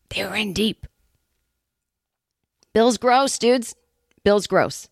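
Comedian woman in her fifties hosting her own podcast, animated and salty, on a dry close mic. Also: on the high side, slow, creaky, long pauses, no echo. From New England, Boston area. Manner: animated, profane, jokey asides. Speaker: podcast host and stand-up comedian. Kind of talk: casual comedic monologue.

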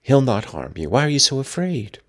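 A man reading aloud, voicing a timid young woman in a soft, hushed tone. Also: mid-range voice, big pitch swings, a little fast, slightly rough, pitched above the performer's own voice. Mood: gentle.

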